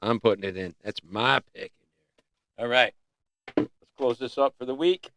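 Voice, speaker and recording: A man hosting a casual livestream, rambling and joking as he thinks out loud. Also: mid-range voice, moderate pace, noisy background. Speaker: livestream host.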